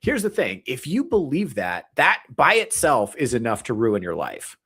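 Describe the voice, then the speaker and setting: A man in his thirties, a comedian, ranting casually to his stream chat, profane and rambling, with animated mock quotes. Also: medium pitch, normal speed, husky. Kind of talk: casual rant to a live chat.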